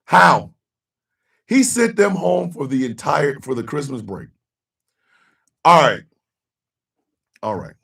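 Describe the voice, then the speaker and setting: A man hosting a casual talk show, ranting loudly and cursing, swinging between shouting and low mutters. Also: big pitch swings, takes it slowly, vocal fry, long pauses, recorded from a distance. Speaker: host.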